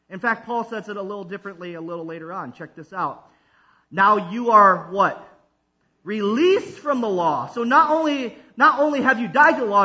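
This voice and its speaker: A man preaching a sermon as pastor, calling for responses from the congregation and swinging between loud and hushed delivery. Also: extremely high pitch, breathy edge, highs cut off.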